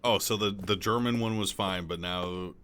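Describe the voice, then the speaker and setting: A man streaming a game, joking crudely and reading game text aloud quickly. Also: deep voice, fairly even intonation, a bit bright, slight background noise. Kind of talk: casual gameplay commentary.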